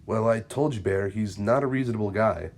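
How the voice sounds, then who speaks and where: Guy reading as a worried dad type, low voice, anxious but caring. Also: fairly quick, darkish tone, slight background noise, close to an everyday voice. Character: worried fatherly middle-aged man.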